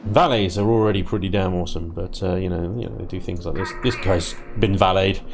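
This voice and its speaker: A man casually commentating his strategy game play, chatty, self-deprecating and quick to laugh. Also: low-pitched, fairly even intonation, over music. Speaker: let's play host.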